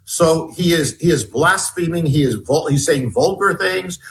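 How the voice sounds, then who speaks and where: A man being interviewed as an author, telling a story in a halting way, restarting and repeating his words as he goes. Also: on the high side, low-quality recording. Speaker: guest author.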